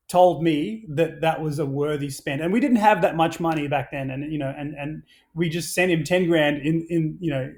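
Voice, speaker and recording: A man on a podcast who talks in a loose, rambling way, full of restarts and swearing. His voice sits a little high for a man. He tells his stories with plenty of energy. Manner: rambling, animated, swears freely, many restarts. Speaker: podcast guest, action sports brand founder. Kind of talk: casual podcast conversation.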